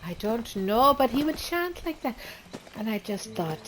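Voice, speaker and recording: A woman's voice: a little high, very animated, measured pace, poor audio. A woman playing a wood elf character in a game, telling a rambling tavern story that trails off and restarts. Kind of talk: in-character game role-play. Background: game music.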